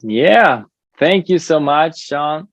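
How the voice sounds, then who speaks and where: A German-accented man from Germany, a drummer and drum teacher, talks earnestly as a podcast guest in a drum lesson room during a casual interview conversation. His voice is a little high and animated, he takes it slowly, and he's friendly with many fillers. The recording is dry with lo-fi sound.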